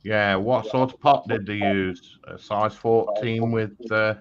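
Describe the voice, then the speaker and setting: A man's voice: fairly low pitch, fairly even intonation, unhurried, lo-fi sound, background noise. A man co-hosting a live stream, chiming in with short jokes and greetings. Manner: joking, brief chimed-in greetings. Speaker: livestream co-host. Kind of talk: casual chat on a live stream.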